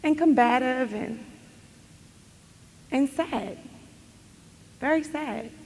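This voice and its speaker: Woman telling a story slowly in a big hall. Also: high voice, a little hiss or hum. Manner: animated, chatty storytelling. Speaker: motivational speaker at a company event. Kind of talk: storytelling speech. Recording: long hall reverb.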